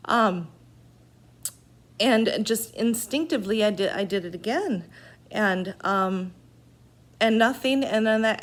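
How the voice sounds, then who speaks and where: A woman recounting a personal event in an unscripted way, halting and earnest, with pauses. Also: fairly high pitch.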